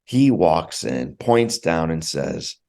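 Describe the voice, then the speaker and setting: Deep-voiced man telling his story earnestly. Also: expressive, takes it slowly, creaky, darkish tone. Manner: earnest, heartfelt, repeats words for emphasis. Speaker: podcast guest. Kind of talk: personal storytelling in conversation.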